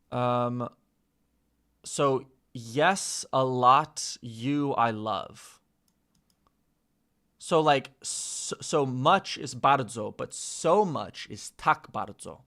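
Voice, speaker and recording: An American man hosting a casual live chat, slowly sounding out words with many fillers and pauses. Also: mid-range voice, a bit bright. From United States. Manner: slow, hesitant, full of fillers, sounding out words. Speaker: livestream host learning Polish.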